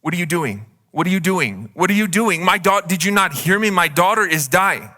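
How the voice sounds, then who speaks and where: A male preacher acting out a desperate father who is frantically pleading for his dying daughter, in a higher, urgent voice. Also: lively intonation, moderate pace, pushed and bright, big-room sound. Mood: frantic. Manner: frantic repeated questioning.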